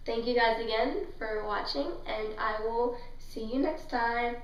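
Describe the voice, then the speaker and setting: A woman with a fairly high voice gushes through a casual book-review vlog. She rambles with plenty of fillers and sounds emotional throughout. The sound is roomy, as if she sits a little back from the mic. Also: fairly even intonation, a little slow, distant mic. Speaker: book vlogger.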